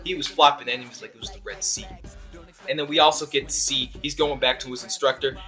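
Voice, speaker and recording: Excitable young man rambling, bright voice. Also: mid-range voice, fast talker, faint music behind. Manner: excitable, rambling, many fillers and restarts. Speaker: anime reviewer. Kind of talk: casual video review.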